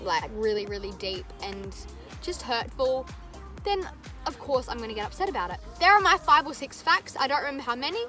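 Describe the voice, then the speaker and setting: A woman's voice: high-pitched, a bit bright. A young woman, chatting candidly to camera in a rambling vlog. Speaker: vlogger. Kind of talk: casual chat to camera.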